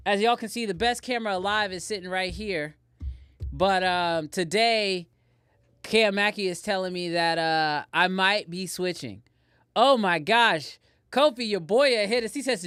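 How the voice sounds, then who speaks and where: Animated man hosting a livestream. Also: sits high, measured pace, clear, resonant tone, dry recording, studio quality. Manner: animated, talks straight to chat, repeats himself. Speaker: livestream host. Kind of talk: casual livestream chat. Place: home editing room.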